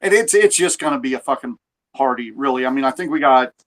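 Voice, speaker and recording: A man's voice: mid-range voice, animated, fast talker, a bit bright. A man hosting a podcast in casual chat, rambling and swearing freely, recorded on a phone. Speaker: podcast host.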